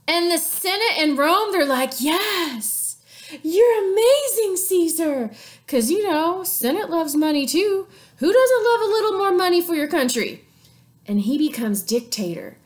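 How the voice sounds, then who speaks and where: A woman teacher giving a playful, chatty history lesson with sarcastic asides. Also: high-pitched. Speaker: sixth grade teacher.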